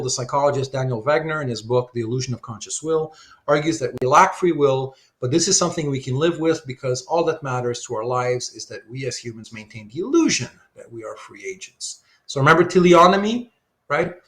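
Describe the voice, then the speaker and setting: A man's voice: medium pitch, expressive, a little fast, fairly bright tone. A man giving a live online philosophy lecture, thinking aloud with lots of rhetorical questions while he sketches diagrams.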